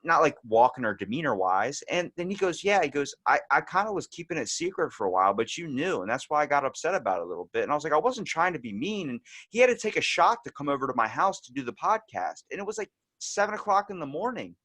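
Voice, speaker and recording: A man's voice: fairly high pitch, sing-song, fast, few pauses, fairly bright tone. Young male podcast host; candid, rambling chat. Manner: candid, rambling storytelling with lots of "like".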